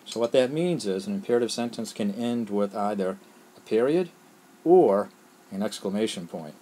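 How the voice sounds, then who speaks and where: A man's voice: fairly low pitch, expressive, normal speed, warm tone, low-quality recording. A man teaching a lesson on a screencast, explaining step by step with patience and often asking "all right?".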